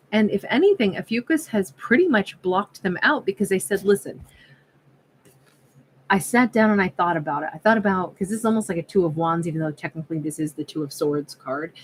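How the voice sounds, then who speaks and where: During a laid-back tarot reading, a woman with a lowish voice muses and chats, repeatedly stopping mid-thought to begin again and performing imagined conversations. There's a little hiss or hum, and the audio is poor.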